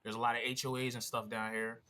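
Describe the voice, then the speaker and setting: A man's voice: mid-range voice, flat delivery, quick pace, bright, forceful tone. A man from Pennsylvania hosting a casual reaction vlog, telling a story in loose slangy speech with frequent swearing. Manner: casual slangy, swears, says bro often. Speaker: vlog host reacting to a video.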